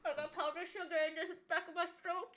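A woman streaming a game live, excitable and giggly, swearing freely while chatting to viewers. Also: very high-pitched, a little fast, slight background noise. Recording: game music playing behind.

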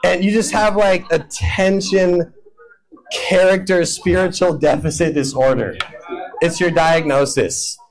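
A man's voice: high-pitched, a little slow, crowd noise, poor audio. A man preaching a humorous sermon, acting out imagined prayers and conversations in playful voices. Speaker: pastor. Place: church hall.

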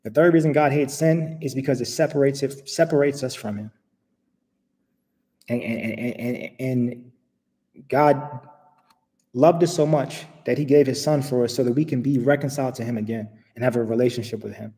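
A man's voice: medium pitch, moderate pace, mellow. A man from the United States giving an informal, conversational sermon full of rhetorical questions. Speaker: preacher. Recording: long reverb.

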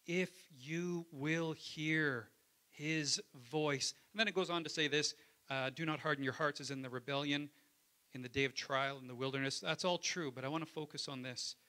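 A man's voice: on the high side, fairly even intonation, moderate pace, bright, forceful tone. A man, a pastor, preaching a sermon in a conversational way, often asking the congregation for an amen. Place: church.

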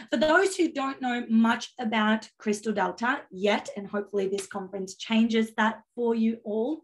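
A woman from Australia with an Australian accent, giving an upbeat, chatty remote conference presentation as a product owner, with self-deprecating asides. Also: a little high.

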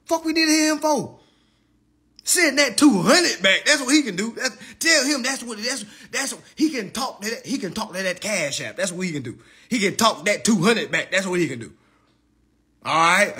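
High-voiced man roasting on a livestream. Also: moderate pace. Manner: animated, profane, laughs often. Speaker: livestream host.

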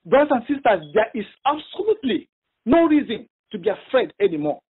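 A man preaching a sermon on a phone prayer line, telling a story with halting repeats and emphatic stress. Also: very high-pitched, sing-song, breathy edge, narrow, tinny audio.

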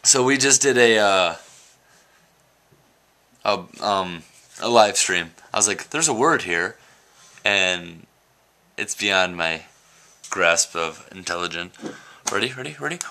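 Young guy vlogging at home, goofy and rambly, kinda low voice but really bright, camera mic. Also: lively intonation, slow, long pauses. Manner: goofy, rambling, self-mocking. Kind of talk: casual daily vlog. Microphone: handheld camera mic.

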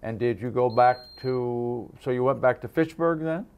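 A man conducts an oral history interview with an old veteran. His voice sits at an ordinary middle pitch, and he asks gentle, prompting questions, often restarting mid-sentence. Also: moderate pace, smooth.

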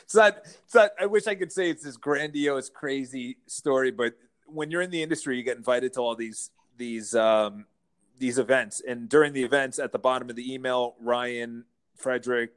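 Man telling animated anecdotes. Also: mid-range voice, moderate pace. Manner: animated anecdotes, playful mimicking of others. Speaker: real estate brokerage founder, guest. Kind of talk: casual interview storytelling.

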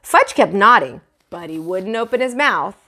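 A woman teacher reading a children's book aloud to her class. Her narration is expressive, with a lively, animated pitch, at a middle height. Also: normal speed. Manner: warm, expressive storytelling.

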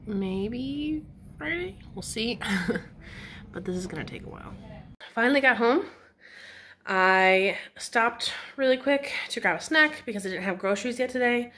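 A woman's voice: fairly high pitch, moderate pace, bright, forceful tone, slight background noise. Chatty young woman, slightly stuffy nose. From California. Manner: chatty, rambling, self-deprecating, laughs at herself. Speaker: vlogger. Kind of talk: casual vlog chat to camera. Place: at home.

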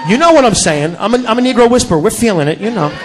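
A male stand-up comedian doing a crude, profane club routine on stage, yelling his punchlines into a handheld mic. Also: high voice, animated, rapid-fire.

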